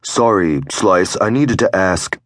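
A man's voice: sits low, takes it slowly, fairly bright tone, no echo, clean studio sound, voice pushed up. A man voicing a nervous young biker prospect. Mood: apologetic.

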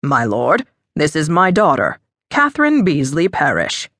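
A woman's voice: deep voice, huge pitch swings, a little slow, a bit bright, dry recording, clean studio sound, voice pushed down, heavily acted. A woman voicing a genial, welcoming wealthy middle-aged father in an audiobook. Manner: hearty, welcoming.

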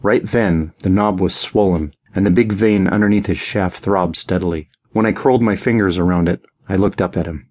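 A man reading a first-person audiobook in an intimate, measured way. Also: low-pitched, darkish tone. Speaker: audiobook narrator.

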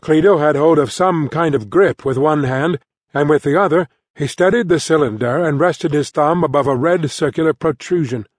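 A male audiobook narrator with a voice a little higher than most men's, reading in even, measured storytelling. He is recorded close in a dry studio booth. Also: no echo. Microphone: close studio mic.

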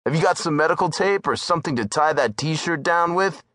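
A man's voice: on the high side, a little fast, bright, forceful tone, dry recording, clean studio sound, pitched above the performer's own voice. A man voicing a wiry, streetwise man who talks bluntly and coolly calculates his angle. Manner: blunt, matter-of-fact.

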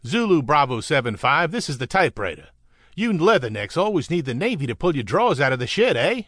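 A man's voice: on the high side, big pitch swings, a little fast, a bit bright, no echo, clean studio sound. A man voicing a brash, daring male fighter pilot who snarls over the radio in an audiobook. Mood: cocky. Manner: snarling, cocky.

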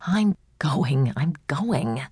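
A woman's voice: sits low, lively intonation, extremely slow, darkish tone, breathy edge, no room sound, studio quality, full character voice. A woman voicing a scruffy, pushy female newspaper reporter who talks cheekily.

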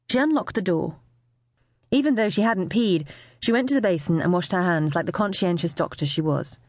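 A woman narrating a novel aloud with expressive storytelling. Her pitch moves in lively swings. The recording is close and dry, with no room sound. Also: no echo. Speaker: audiobook narrator. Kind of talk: scripted narration.

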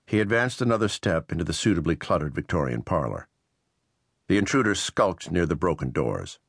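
Male audiobook narrator, very low voice, measured, steady, dry studio sound. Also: gravelly, slightly rough, no echo. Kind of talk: scripted narration of a historical novel.

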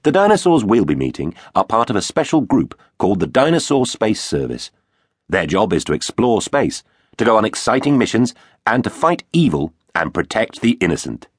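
Deep, animated male narrator for a kids' adventure story, playful and theatrical, dry close studio sound. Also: slightly rough, no echo. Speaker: audiobook narrator. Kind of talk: children's audiobook narration.

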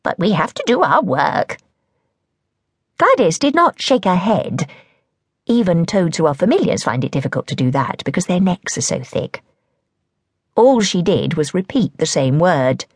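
A woman narrates a children's novel with a lively storyteller's lilt, her voice pitched low and rising and falling freely. Her tone is a little husky, and the recording is dry and close to the mic. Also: normal speed, no room sound. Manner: lively, expressive reading. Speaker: audiobook narrator. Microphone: close studio mic.

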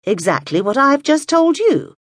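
A woman's voice: high voice, big pitch swings, moderate pace, no room sound, voice pushed up. A woman voicing a wry, reluctant middle-aged amateur sleuth, dry and firm, for an audiobook. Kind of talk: audiobook dialogue.

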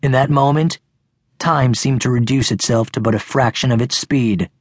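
A man reading a teen novel aloud in steady, measured narration. His mid-pitched voice is husky and a little breathy. It is recorded close in a dead booth with no room sound. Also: no echo. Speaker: audiobook narrator. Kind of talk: scripted narration. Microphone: close studio mic.

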